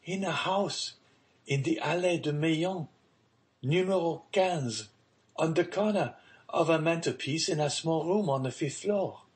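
A man reading an audiobook, voicing an overjoyed young woman in a high, breathless and excited voice. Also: a little slow, lightly acted. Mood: eager.

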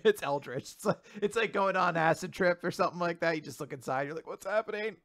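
A podcast co-host joking in casual banter with quick asides. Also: medium pitch, vocal fry, a bit bright.

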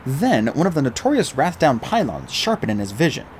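A man reading a novel aloud as an audiobook narrator, with an animated, expressive delivery. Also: mid-range voice, fairly quick, a little hiss or hum.

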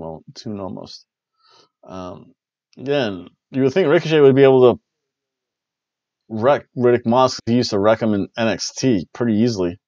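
A man's voice: medium pitch, a little mellow, dry recording, lo-fi sound. A man hosting a casual wrestling review, rambling and joking as he recaps matches. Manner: rambling, jokey, repeats catchphrases.

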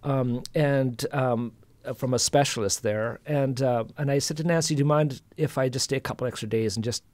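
Man, middle-aged, podcast host, reflective storytelling, medium pitch, dry close sound. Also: normal speed, no echo. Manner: reflective, soft-spoken, full of restarts. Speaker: podcast host and singer-songwriter. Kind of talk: casual storytelling conversation.

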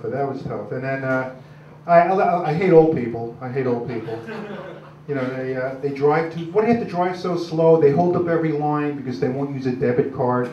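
A man's voice: mid-range voice, a little hiss or hum. Crude older man doing stand-up. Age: 60s. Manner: crude, gruff, rambling with many "uh"s. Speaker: stand-up comic. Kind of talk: stand-up comedy routine. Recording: roomy, distant, dull club recording.

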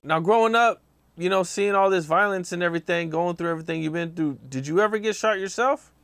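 A man's voice: sits high, quick pace, a bit bright, clean tone. Man asking short interview questions. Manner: short, plain questions and brief reactions.

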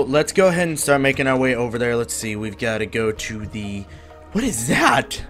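A man's voice: medium pitch, big pitch swings, moderate pace, a bit bright, faint music behind. A man hosting a gaming video, chatting casually and rambling upbeat, with the odd swear. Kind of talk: casual gameplay commentary.

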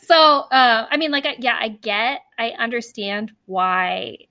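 A woman co-hosting a podcast in casual chat, talking fast and loose with lots of fillers and restarts. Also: fairly high pitch, pushed and bright, dry recording. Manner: chatty, many fillers and restarts. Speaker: podcast co-host.

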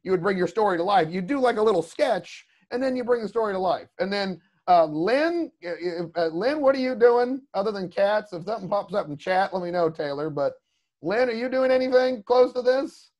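With a high, animated, slightly mellow voice and a fairly quick pace, a man leads a creature design class via video call. He chats and meanders through asides, repeatedly asking "you know what I mean."

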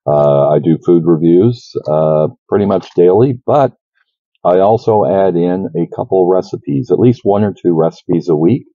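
A man's voice: deep voice, unhurried, no room sound, dull audio. A man doing a casual food review vlog, chatty and enthusiastic, talking to his viewers as folks.

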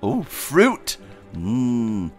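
A man commenting as he plays a video game, chatty and excitable, often squealing with delight. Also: medium pitch, drawn-out words, soft background music. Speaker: gaming video host. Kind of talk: let's play commentary.

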